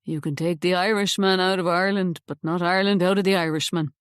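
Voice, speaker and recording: A woman voicing a kind young male police officer, soft-spoken and sympathetic, in an audiobook reading. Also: fairly low pitch, fairly even intonation, fast, clean tone, no echo, lightly acted. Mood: easygoing. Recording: dry close studio sound.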